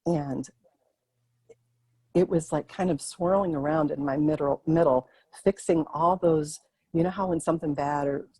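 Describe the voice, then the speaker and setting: A woman's voice: low-pitched, fairly even intonation, moderate pace, dark tone, husky, dry recording, low-quality recording. A woman, an interview guest, recounting a personal experience earnestly and vividly. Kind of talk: personal storytelling.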